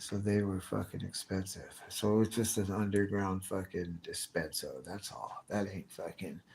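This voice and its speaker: A man's voice: on the low side, a little mellow, a little hiss or hum. A man live streaming, chatting casually with his viewers and answering their comments in a rambling, slang-heavy, profane way with many restarts.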